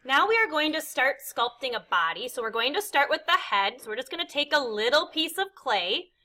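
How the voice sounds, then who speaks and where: A woman's voice: sits high, sing-song, brisk, sharp tone. A woman art teacher demonstrating a kindergarten clay lesson, explaining each step patiently and counting aloud. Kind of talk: instructional demonstration.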